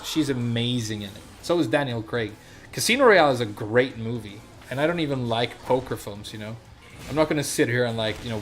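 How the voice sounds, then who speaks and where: Young man rambling while streaming. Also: medium pitch. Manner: rambling, loose, profane, lots of fillers. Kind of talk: casual chat while gaming.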